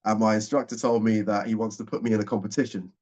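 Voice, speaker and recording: A man around forty, a guest speaker telling a personal story in a lively way and acting out what people said. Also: fairly low pitch, fast. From England. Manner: lively storyteller, acts out the dialogue. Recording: dull, muffled audio.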